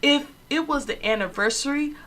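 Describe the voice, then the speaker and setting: Sassy bright-voiced woman podcast host. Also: high voice, normal speed. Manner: sassy, opinionated storytelling. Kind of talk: casual comedic commentary.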